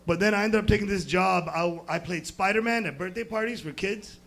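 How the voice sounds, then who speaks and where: Young American stand-up comic, crude and rambling, loud bursts then mutters; high, gravelly voice. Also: male voice, brisk. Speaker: stand-up comedian. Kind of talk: stand-up set at an open mic.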